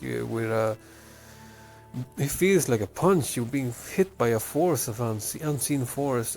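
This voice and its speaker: A man from Chile tells a personal story in a gravelly, mid-pitched voice. He speaks haltingly and keeps stopping on fillers and restarts. Faint music plays under his voice. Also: a little mellow. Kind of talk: personal story told to camera.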